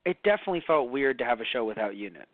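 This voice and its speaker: A man co-hosting a casual review podcast, rambling and animated, cursing now and then. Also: medium pitch, racing, dry recording. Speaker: podcast co-host. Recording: tinny phone-like audio.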